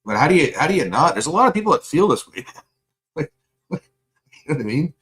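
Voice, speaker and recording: A man venting in a profane, angry livestream rant, buzzed and high. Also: sing-song, quick pace, a bit bright.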